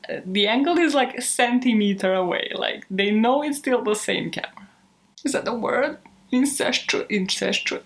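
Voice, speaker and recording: A young adult woman hosting a true crime show, chatting casually at home in outtakes, rambling and swearing with self-mocking laughs. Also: a little high. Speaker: true crime podcast host.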